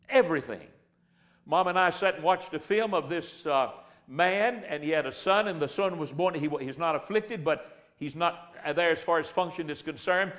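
An older man preaching a sermon in a folksy way, reading scripture and swinging between loud emphasis and hushed asides. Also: high-pitched. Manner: folksy, addresses the congregation as a class.

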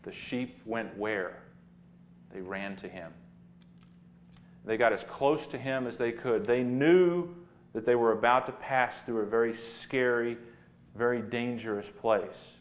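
A male pastor delivers a sermon with lively, dramatic swings. He lifts his voice for emphasis, then drops it back to a softer, storytelling tone. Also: mid-range voice, measured pace. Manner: animated, dramatic preaching with rising emphasis.

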